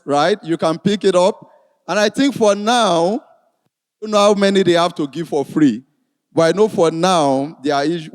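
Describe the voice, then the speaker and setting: A man giving a relaxed, chatty stage address at a finance event, with many fillers. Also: on the high side, clear, resonant tone. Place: large event hall. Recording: reverberant hall, long echo.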